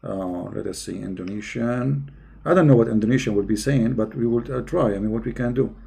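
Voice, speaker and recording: A man hosting an online debate call, talking fast and pushing hard, breaking into Arabic recitation. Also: mid-range voice, gravelly, dark tone. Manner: fast, pushy, switching between English and Arabic recitation. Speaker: debate host.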